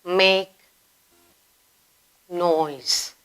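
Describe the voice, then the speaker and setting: A woman teaching a grammar lesson for children, slowly acting out example sentences with expressive exclamations. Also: on the low side, smooth. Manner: slow, deliberate teaching delivery.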